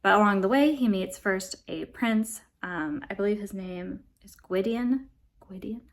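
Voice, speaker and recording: A woman's voice: mid-range voice, measured pace. An American woman giving a casual, rambling book review, chatty and often apologetic. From United States.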